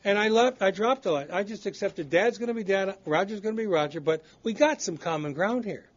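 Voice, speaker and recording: An older man speaking at a recovery meeting, telling his own stories bluntly and poking fun at himself. His voice sits a little high for a man. The recording is dull and lo-fi. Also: expressive, fairly quick. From United States. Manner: candid storytelling, blunt and self-deprecating. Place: meeting room.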